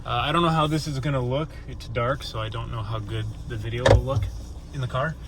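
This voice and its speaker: A man's voice: medium pitch, fairly even intonation, brisk. Chatty man vlogging in a noisy car. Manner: rambling, chatty, self-correcting. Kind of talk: casual vlog chat. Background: car and road noise.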